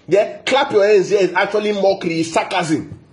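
A man's voice: sits high, brisk, a little mellow. A man preaching a sermon as a pastor, emphatic and repetitive, often checking in with the congregation. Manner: repetitive, emphatic, asks the audience "yeah?". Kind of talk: sermon teaching.

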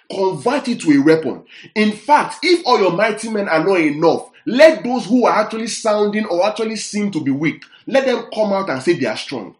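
A man preaching a Bible-teaching sermon. He speaks emphatically and keeps checking in with his listeners. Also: sits high. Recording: roomy echoey sound.

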